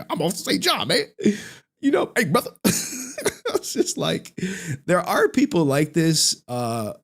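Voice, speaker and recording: A man's voice: fairly high pitch, darkish tone. A man doing reaction commentary on a channel, mocking and laughing often as he talks. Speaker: YouTube commentator.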